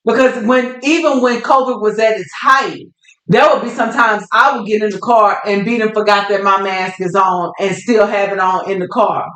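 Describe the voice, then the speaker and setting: A woman's voice: mid-range voice, moderate pace. Chatty woman co-host in a roomy room. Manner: relaxed, talkative, laughs easily, colloquial. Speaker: podcast co-host. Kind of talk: casual chat. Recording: roomy echo.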